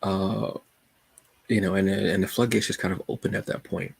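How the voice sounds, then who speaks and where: Casual vlog host, male, low gravelly husky voice, joking and rambling, dry close sound. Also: moderate pace, dry recording. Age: adult. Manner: relaxed, joking, storytelling with asides. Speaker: channel host. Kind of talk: casual talk about comics and books.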